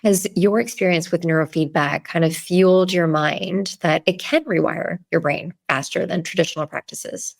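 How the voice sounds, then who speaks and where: A woman's voice: fairly low pitch, fairly even intonation, moderate pace, gravelly, hardly any pauses, no echo. A woman hosting a wellness podcast, asking questions between frequent affirmations. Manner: warm affirmations, frequent yeahs and ums. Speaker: podcast host. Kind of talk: interview conversation.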